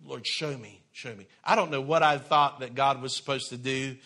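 A man preaching in church, telling his own conversion story, moving from hushed confession to loud, fervent exhortation. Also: mid-range voice, fairly even intonation, normal speed. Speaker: preacher sharing testimony. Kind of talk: sermon testimony. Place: church sanctuary.

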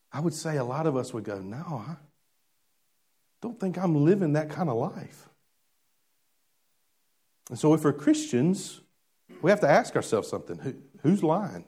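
A man preaching a sermon to a church congregation, animated and questioning, drawing responses from the crowd. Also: fairly high pitch, husky. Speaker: pastor. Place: church before a live congregation.

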